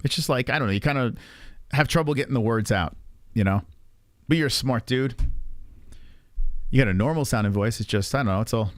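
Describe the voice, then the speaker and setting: A man's voice: medium pitch, a little fast, long pauses, no room sound. A man streaming and reacting to videos in casual chat, blunt and swearing often as he talks to his viewers.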